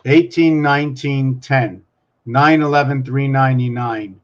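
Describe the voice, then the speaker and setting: A man's voice: fairly high pitch, normal speed, highs cut off. A man hosting his own vlog, musing aloud in a wandering, free-associating way and talking to himself and the camera. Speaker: channel host. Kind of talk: rambling solo vlog musings.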